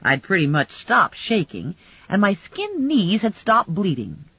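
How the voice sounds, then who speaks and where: A woman narrating a first-person crime comedy audiobook in a lively, wry storytelling manner. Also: mid-range voice, measured pace, husky, no echo, lo-fi sound.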